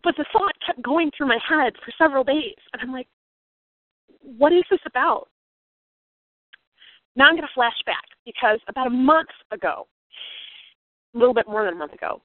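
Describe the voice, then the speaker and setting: A woman's voice: high voice, animated, a little fast, long pauses, no room sound. Earnest woman on a tinny line. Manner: earnest, reflective, grows emotional. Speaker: speaker on a coaching call. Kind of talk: personal story with motivational lesson. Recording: tinny phone-like line, dry.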